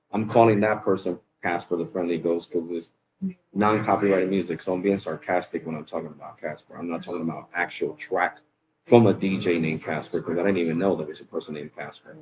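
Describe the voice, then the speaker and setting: Host, male, lowish voice, rambling casual delivery, dull lo-fi audio. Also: a little mellow. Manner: rambling, loose, searches for words. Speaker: host talking with an AI assistant. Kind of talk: casual chat. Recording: dull lo-fi sound with faint noise.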